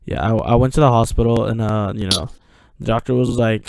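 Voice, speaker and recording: A man's voice: fairly low pitch, steady tone, a little fast, creaky, darkish tone, clear, resonant tone, no echo. A teenage boy telling a long personal story in casual chat, rambling with lots of restarts and fillers, recorded at home. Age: teens. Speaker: podcast co-host.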